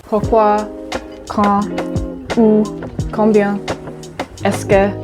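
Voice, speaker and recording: A woman from Canada playing a learner in a lesson sketch, playful and expressive. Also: on the high side, a little slow. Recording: clear background music.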